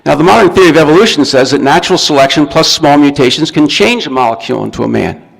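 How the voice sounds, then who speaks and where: A man's voice: a little high, animated, fast talker, gravelly. A man giving a recorded lecture, explaining step by step and often restarting his words. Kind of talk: recorded talk to an audience. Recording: long reverb from a hall.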